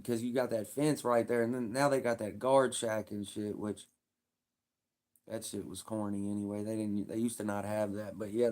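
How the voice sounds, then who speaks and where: On a livestream, a man casually tells stories in blunt, profane, laid-back street talk. His voice is lowish and darkish in tone.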